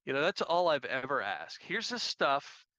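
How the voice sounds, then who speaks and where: A man's voice: medium pitch, very animated, normal speed, bright, forceful tone, dry recording, poor audio. A man, a guest activist trainer, telling casual self-deprecating anecdotes and repeating phrases for emphasis. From Missouri. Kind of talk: casual storytelling.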